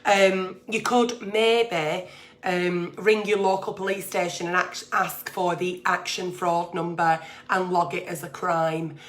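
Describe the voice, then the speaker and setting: A woman's voice: lowish voice, flat delivery, slow. Blunt, sweary woman. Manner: blunt, sweary, plain-spoken; chatty, reads letters aloud then answers. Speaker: agony aunt livestream host. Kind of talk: casual advice livestream.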